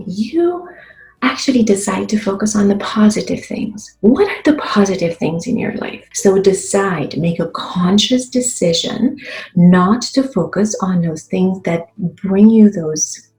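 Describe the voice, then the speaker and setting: A woman with a warm, mellow voice gives an earnest motivational talk, speaking straight to the viewer. She acts out short quoted phrases as she goes. Her voice rings around an echoey room. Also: medium pitch, a little slow, soft background music. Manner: earnest, encouraging, directly addresses the viewer. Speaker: self-help vlogger.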